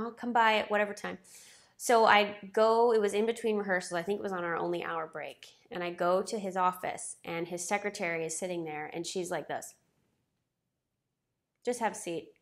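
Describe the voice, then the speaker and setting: A woman's voice: mid-range voice, fairly bright tone. A woman in her thirties, a former ballet soloist, telling a story casually, chatty and self-deprecating, acting out what others said.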